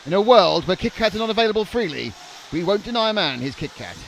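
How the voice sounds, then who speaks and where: A man's voice: sits high, lively intonation, quick pace, gravelly. A young man doing live race commentary in a joking, rambling way, often stammering and restarting. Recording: noisy trackside broadcast.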